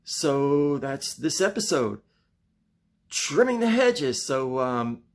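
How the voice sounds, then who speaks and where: A middle-aged man talks slowly and unhurriedly to camera outdoors in a casual vlog, his pitch sitting in an ordinary middle range. He rambles, vents his frustration, then apologizes for it. The sound is plain and direct, recorded outside in his garden. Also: sing-song, no room sound. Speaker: channel host.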